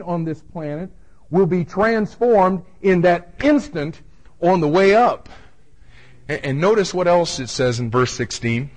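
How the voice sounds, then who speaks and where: Male pastor, slightly higher voice, conversational verse-by-verse sermon with restarts, booming scripture quotes. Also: expressive, unhurried, darkish tone, low-quality recording. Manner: conversational preaching with repeated restarts, booming when quoting scripture.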